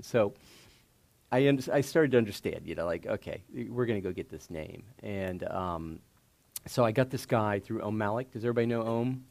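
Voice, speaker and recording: Man, gravelly voice, lowish pitch, casual storyteller, lots of fillers. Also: expressive, moderate pace, a little mellow. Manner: laughing, loose, filler-heavy anecdotes. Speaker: guest investor.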